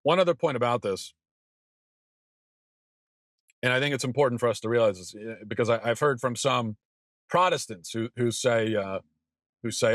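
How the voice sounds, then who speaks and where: A man's voice: mid-range voice, normal speed, long pauses, dry recording, studio quality. A man in his thirties hosting an opinion show, talking emphatically with frequent stammered restarts. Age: 30s. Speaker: podcast host. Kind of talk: opinion monologue.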